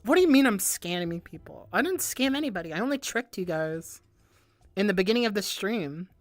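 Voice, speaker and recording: A woman hosting a casual livestream, answering viewer questions in a rambling, excitable way, swearing and laughing often. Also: mid-range voice, moderate pace, no room sound. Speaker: VTuber livestream host.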